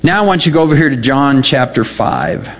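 A man's voice: mid-range voice, expressive, brisk. A man preaching a sermon, reading scripture aloud and checking in with his listeners as he explains it. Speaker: pastor.

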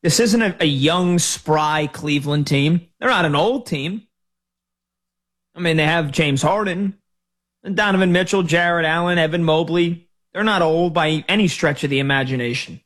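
A male sports radio host talks into a studio microphone in a somewhat high voice. He rants in an animated, exasperated way. The delivery is loose and conversational. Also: normal speed.

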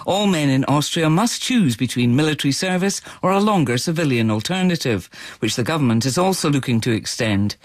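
A male newsreader delivering a scripted radio bulletin in a measured, formal way. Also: a little high, lively intonation, dry recording.

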